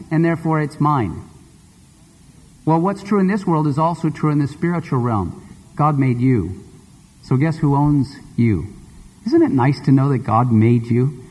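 A male preacher delivers a sermon with storytelling in an expressive, conversational way. His fairly high, husky voice carries a long reverb from a large church hall.

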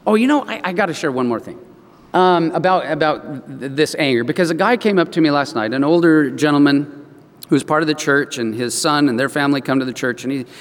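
A man preaching a sermon as a pastor, telling stories with animated, expressive rises in his voice. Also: a little high, long reverb tail.

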